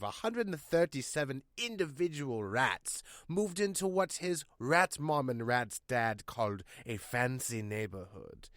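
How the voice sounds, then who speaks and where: A man telling an absurd comic story in a deadpan, mock-dramatic way. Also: fairly high pitch, a little slow, few pauses, no room sound, clean studio sound. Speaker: channel host and storyteller.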